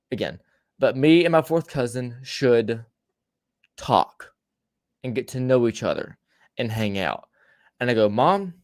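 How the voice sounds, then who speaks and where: Male podcast host, casual storyteller, profane and rambling, lots of restarts. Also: mid-range voice.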